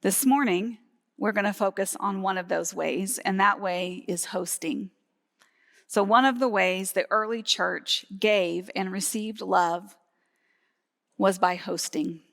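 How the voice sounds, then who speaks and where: A woman's voice: medium pitch, slow, creaky, a bit bright. A woman pastor delivering a live Sunday sermon, teaching steadily and laughing lightly now and then. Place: church sanctuary, live service. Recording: long hall reverb from a church.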